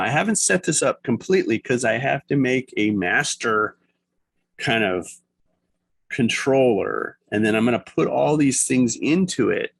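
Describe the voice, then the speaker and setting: A man teaching an animation software class, rambling and thinking aloud as he works. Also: medium pitch, vocal fry, slightly rough, no echo, poor audio. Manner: rambling, chatty, thinks aloud with laughs and sound effects. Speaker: animation instructor. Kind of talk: casual screen-recorded class demo.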